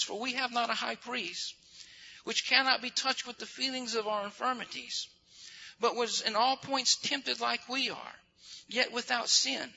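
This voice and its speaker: A man delivers a fervent sermon in a strikingly high, gravelly voice with a piercingly bright edge. He slows down and repeats phrases to drive each point home. The recording sounds dull and lo-fi, with faint noise underneath. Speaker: preacher.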